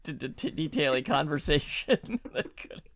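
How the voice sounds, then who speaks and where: A man's voice: a little high, moderate pace, no echo. A man co-hosting a casual book podcast, wry and joking as he talks things over from a home studio with a green screen. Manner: wry, animated, laughs often. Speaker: podcast co-host.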